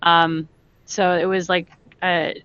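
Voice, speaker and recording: A woman, a film animator guest on a podcast, telling stories in an excited, laughing way. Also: on the low side, takes it slowly, clean tone, no room sound. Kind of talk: casual chat. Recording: dull dry sound.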